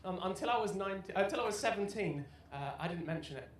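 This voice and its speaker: A man's voice: high-pitched, animated, fast talker, a little hiss or hum. Self-deprecating young male stand-up comic. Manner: self-deprecating storytelling, bursts into loud shouted punchlines. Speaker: stand-up comedian. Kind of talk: stand-up comedy set. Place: comedy club stage with live audience. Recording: roomy live venue sound. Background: audience laughter.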